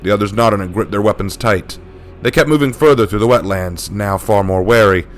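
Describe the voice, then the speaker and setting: A man reads a dark war story with steady, dramatic delivery. His voice sits a little low. Faint music plays beneath him. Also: a little fast. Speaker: narrator. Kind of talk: scripted dark fiction narration.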